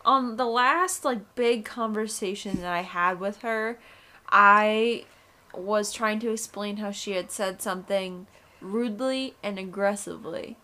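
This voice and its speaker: A woman's voice: medium pitch, unhurried, bright, forceful tone. Young woman on a podcast, blunt, says it like it is. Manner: blunt and candid. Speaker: podcast co-host. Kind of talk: casual chat.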